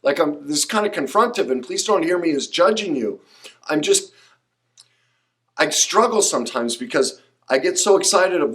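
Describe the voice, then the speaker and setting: His voice is a little high and his pace moderate as this middle-aged man runs his podcast solo. The monologue is passionate and emphatic, edging into preachiness and breaking into excited outbursts.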